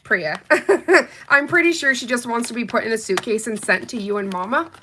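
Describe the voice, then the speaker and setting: A woman's voice: a little high, normal speed, sharp tone, a little hiss or hum. A young adult woman reviewing nail polish in a casual unboxing chat, bubbly and chatty, talking straight to her viewers.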